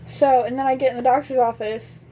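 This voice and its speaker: A woman's voice: high-pitched, steady tone, fairly quick, warm tone, slight background noise. A young adult woman vlogger casually telling a personal story, chatty and full of "and I'm like" retellings.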